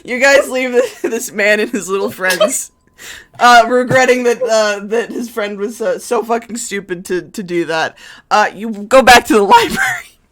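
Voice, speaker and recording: A woman's voice: fairly high pitch, expressive, moderate pace. A woman narrating as game master for a tabletop game with friends, laughing often as she tells the story. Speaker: dungeon master.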